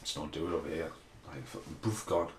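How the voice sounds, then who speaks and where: A man's voice: very deep voice, steady tone, fast, darkish tone, a little hiss or hum. Sweary rambling man, roomy echo. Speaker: film commentary podcast host. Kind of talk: casual film commentary.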